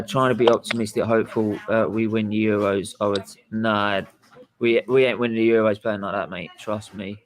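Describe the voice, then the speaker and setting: A man's voice: fairly low pitch, low-quality recording. A man hosting a casual football reaction chat, blunt and sweary, rambling with restarts. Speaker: host.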